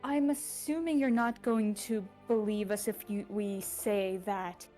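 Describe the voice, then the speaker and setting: A woman's voice: medium pitch, fairly even intonation, measured pace, dark tone, soft background music. A woman playing a tabletop game, talking casually and hesitantly. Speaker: player.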